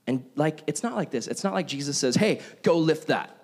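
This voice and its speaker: A man's voice: a little high, a little fast. A young man preaching a casual sermon to a youth group, acting out voices from everyday stories. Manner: casual, animated, acts out quoted voices. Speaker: youth pastor.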